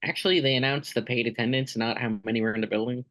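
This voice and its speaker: A man talking quickly in a middle-pitched voice, cutting in to correct details. He sounds offhand and matter-of-fact, like a co-host in a loose podcast chat. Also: steady tone, a bit bright, highs cut off. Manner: quick, correcting others with facts. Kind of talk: casual chat.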